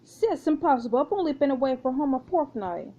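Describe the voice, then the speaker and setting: A woman's voice: sits high, animated, brisk, warm tone, dull audio, voice pushed up. A woman voicing a swaggering, confident French pirate woman with a put-on French accent. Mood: brash. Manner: theatrical, sly and confident.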